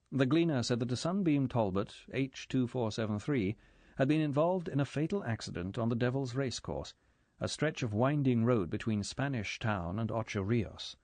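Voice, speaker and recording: A man reading an audiobook in measured, even scripted narration. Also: mid-range voice, no room sound.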